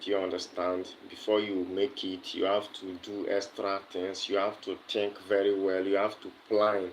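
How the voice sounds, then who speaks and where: A man's voice: sits low, level tone, normal speed, slight background noise, low-quality recording. A man with a Nigerian accent chatting on a livestream, answering viewers' comments with lots of fillers and repeated words. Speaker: livestream host. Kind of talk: casual livestream chat.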